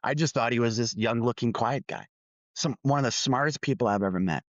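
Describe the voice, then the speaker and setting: A man's voice: mid-range voice, brisk, no room sound, highs cut off. A middle-aged man co-hosting a podcast, candidly telling a workplace story with quoted dialogue. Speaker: podcast co-host.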